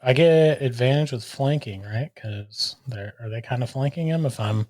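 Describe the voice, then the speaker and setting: A man playing a tabletop game talks through his turn with eager energy. He checks the rules as he goes and speaks at an ordinary middle pitch. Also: moderate pace, a little mellow. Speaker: player. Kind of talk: tabletop game play, casual chat.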